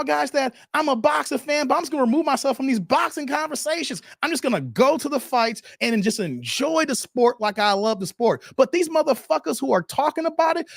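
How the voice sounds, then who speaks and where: Animated high-voiced man ranting on a stream. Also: vocal fry, no room sound, clean studio sound. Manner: animated, swings between shouting and muttering, reads chat aloud. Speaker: live-stream host. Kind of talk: ranting live-stream commentary.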